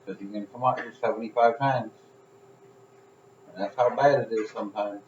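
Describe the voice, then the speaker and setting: A man's voice: on the low side, steady tone, brisk, noisy background. A man telling rambling, profane stories in casual chat, laughing along as he goes. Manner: rambling storytelling, swears, laughs at own stories. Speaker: podcast co-host. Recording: echoey room, dull sound.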